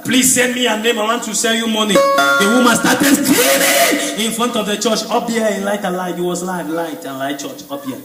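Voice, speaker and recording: Pastor preaching loud in a big echoey church, high voice, guitar playing behind. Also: male voice, moderate pace, far from the mic. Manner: animated preaching, sudden shouts, sound effects. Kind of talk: sermon storytelling. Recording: echoey church hall with music, crowd.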